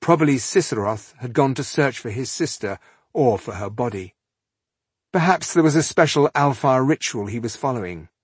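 A man narrating an audiobook in a measured, expressive storytelling style. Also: mid-range voice, husky, no echo. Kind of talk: scripted narration.

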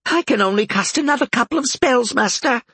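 A man voicing a small, panicky male imp servant with a squeaky, high voice, from an audiobook. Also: expressive, brisk, gravelly, pushed and bright, husky, no echo, full character voice. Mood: anxious.

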